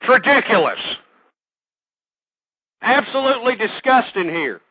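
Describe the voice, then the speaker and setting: Speaking in a very high-pitched, husky voice, a radio host on a call-in show rants crudely, combatively and repetitively. He is very animated yet keeps a measured pace, and the dry, tinny, phone-like audio has no echo.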